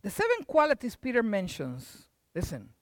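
Animated older preacher, dry close sound. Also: medium pitch, moderate pace, no room sound. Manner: animated, jumps from hushed to loud. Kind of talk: sermon.

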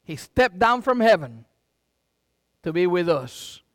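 Middle-aged man, sermon-style pastor, very animated pitch, folksy and joking with his flock. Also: takes it slowly, no room sound, studio quality. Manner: dramatic preaching with sudden loud and quiet swings; folksy, joking asides to the congregation.

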